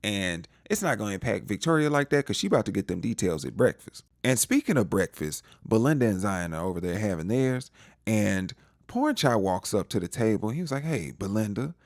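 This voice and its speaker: A man's voice: lowish voice, very animated, brisk, dry recording, clean studio sound. A man giving a casual recap of a TV episode, acting out the characters' lines in playful voices. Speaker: TV recap reviewer.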